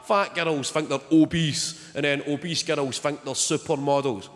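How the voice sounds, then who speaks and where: Young stand-up, wry deadpan delivery, on a big echoey stage with loud noise. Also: male voice, on the high side, unhurried. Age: young adult. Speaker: stand-up comedian. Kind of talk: stand-up comedy set. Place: large theatre stage.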